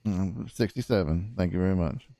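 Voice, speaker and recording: A man's voice: sits low, moderate pace, mellow, dry recording. A man roleplaying a cranky old frontier prosecutor, rambling in a folksy way with lots of fillers. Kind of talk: in-character roleplay chat.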